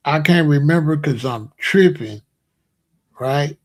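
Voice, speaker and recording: A man's voice: a little high, slow pace. A man hosting his own channel, telling a personal story in a casual, rambling, emphatic way. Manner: rambling, emphatic, breaks into laughs. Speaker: channel host.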